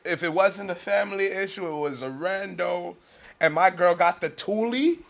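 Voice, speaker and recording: A man's voice: high-pitched, normal speed, vocal fry, fairly bright tone. A man in casual podcast chat, slangy, profane and emphatic.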